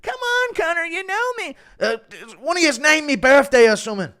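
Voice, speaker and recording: A man voicing rowdy young male fighters, in very high, shouty voices. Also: expressive, moderate pace, exaggerated voice. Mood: rowdy banter. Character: excited young male fighters with Irish and English accents.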